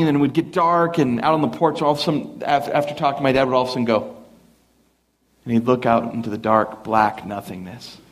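A middle-aged man preaching a storytelling sermon, acting out family members in raised voices, in a church hall with an audience. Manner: animated, acts out family members in higher voices. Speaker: pastor.

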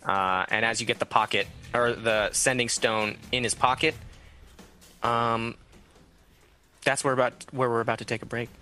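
A man's voice: mid-range voice, little pitch movement, moderate pace, long pauses, bright, forceful tone, faint music behind. Loose-talking male game master. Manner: loose, filler-heavy narration. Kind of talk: narrating a tabletop game. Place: studio.

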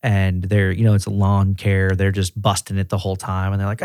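A man with a low voice talks through leadership advice in a relaxed podcast conversation. His delivery is easygoing and conversational. The recording is dry and close, with no room echo. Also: moderate pace, hardly any pauses, clean tone. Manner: relaxed and conversational, often acting out quoted voices. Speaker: regional director of auto repair shops, podcast guest.

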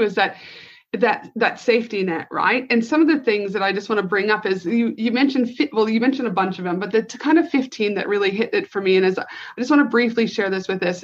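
A woman's voice: medium pitch, lo-fi sound. A woman hosting a podcast interview, asking questions encouragingly and reading quotes aloud for listeners. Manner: encouraging, reads quotes aloud, frequent affirming murmurs. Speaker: podcast host.

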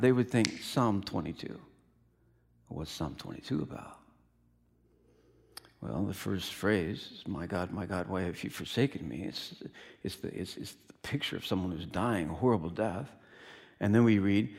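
A man preaching a sermon as a pastor, animated, dropping at times to a whisper. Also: mid-range voice, normal speed.

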